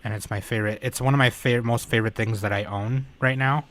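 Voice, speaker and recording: A man hosting a podcast in casual chat, excitable and swearing freely. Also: medium pitch, quick pace. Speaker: podcast host.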